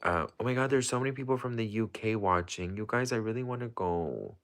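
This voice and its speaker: A man chatting casually on a livestream, excitable and rambling with lots of fillers. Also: fairly low pitch, a little fast.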